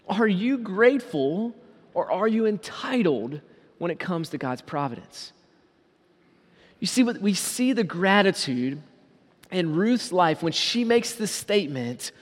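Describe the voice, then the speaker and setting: A man with a fairly high voice delivers a sermon as pastor. He presses his listeners with rhetorical questions and slows down to stress his points. His voice rings out with a long reverb, as in a large church hall. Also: sing-song. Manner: preaching with many rhetorical questions, slowing down for emphasis.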